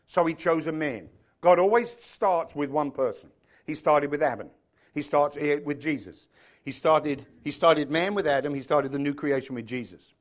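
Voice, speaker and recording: A man delivers a sermon in church. His voice sits a little high, and he preaches fervently, building to emphatic peaks and checking in with the congregation through questions. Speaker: pastor.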